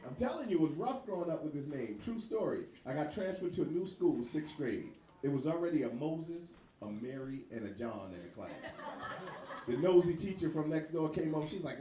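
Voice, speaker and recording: Give me a man doing profane stand-up in an echoey bar with a loud crowd. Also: on the high side, moderate pace, noisy background. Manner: animated, profane, laughs through his lines. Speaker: stand-up comedian. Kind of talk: stand-up comedy set. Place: bar stage.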